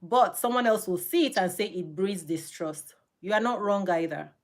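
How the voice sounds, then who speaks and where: Emphatic middle-aged woman guest. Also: normal speed. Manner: emphatic, laughs often, rises high when animated. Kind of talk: emphatic casual interview talk.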